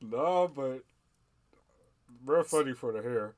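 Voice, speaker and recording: A man co-hosting a casual sports watch-along, relaxed and easygoing, saying bro and y'all. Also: medium pitch, slow. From United States. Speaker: co-host.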